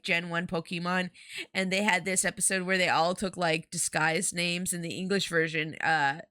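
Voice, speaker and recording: A woman's voice: lowish voice, sharp tone. A woman chatting casually on a game stream, giggly and talkative, addressing her viewers. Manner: giggly, chatty, talks to chat and her pet. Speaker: streamer reading a visual-novel game aloud. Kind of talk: casual live-stream chat. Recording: game music behind the voice.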